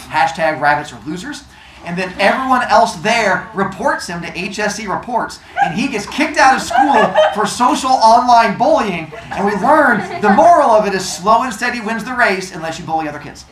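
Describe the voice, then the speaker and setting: Animated joking teacher in an echoey classroom. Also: male voice, high voice, normal speed. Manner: joking, animated, teasing students. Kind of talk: classroom lesson with storytelling. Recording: echoey classroom with student chatter.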